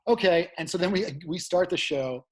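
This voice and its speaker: A fairly high-voiced man with a husky edge tells a stand-up road story in loose, profane chat. He jumps between mumbling asides and loud acted-out quotes. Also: moderate pace. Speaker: comedian guest.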